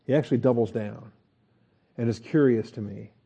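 A man teaching a Bible lesson as a pastor, relaxed and folksy, with frequent fillers and chuckles. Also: mid-range voice, moderate pace, vocal fry, slightly rough, lo-fi sound.

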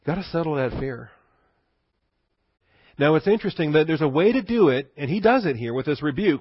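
A man's voice: on the high side, expressive, a little fast, long pauses, breathy edge, dry recording, dull audio. A male pastor preaching a sermon in a conversational teaching manner, asking rhetorical questions and chuckling.

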